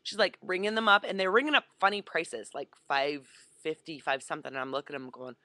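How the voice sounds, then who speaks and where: Bright, animated webcam storyteller. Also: mid-range voice, fairly quick, no echo. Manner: animated, acts out the voices of people in the story. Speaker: vlogger. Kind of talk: casual storytelling.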